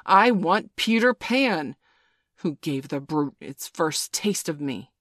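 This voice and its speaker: A woman voicing a menacing, brooding male pirate captain in a storybook reading, speaking slowly and darkly with theatrical force. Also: deep voice, no room sound, studio quality. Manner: slow, dark, theatrical growl.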